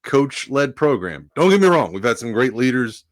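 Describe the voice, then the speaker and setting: A man's voice: medium pitch, big pitch swings, moderate pace, dry recording, clean studio sound. A man co-hosting a casual sports podcast, a former player rambling with plenty of fillers.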